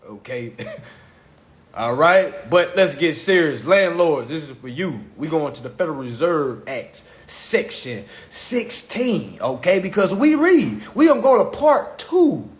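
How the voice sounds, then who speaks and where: During a casual phone livestream rant, this male host lectures with swearing and mockery, circling back over the same points. His slightly high voice swings widely in pitch while keeping a measured pace.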